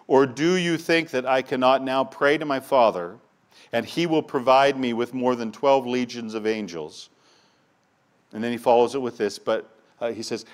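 A male pastor delivering a sermon with deep feeling. He moves from quiet, low reflection to loud, rising appeals, and he stumbles and repeats words when the moment moves him. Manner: impassioned, swings from hushed to loud and urgent.

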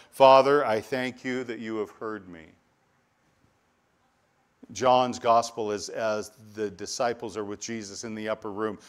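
Pastor guy preaching, earnest, trips over words a lot, gets lively telling stories. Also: lowish voice. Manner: earnest preaching with repetitions and restarts, animated storytelling asides. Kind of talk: sermon.

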